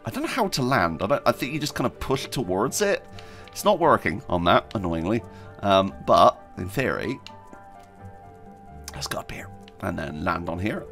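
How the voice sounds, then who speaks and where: A man commenting as he plays a video game, chatty and excitable, often squealing with delight. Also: lowish voice, moderate pace, gravelly, pauses often, soft background music. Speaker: gaming video host. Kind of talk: let's play commentary.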